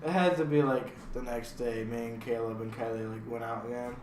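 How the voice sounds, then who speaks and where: A man's voice: mid-range voice, steady tone, brisk, darkish tone, slight background noise. A young man chatting casually on a podcast in a laid-back, chuckling way. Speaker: podcast guest. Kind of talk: casual chat. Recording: echoey room with background chatter.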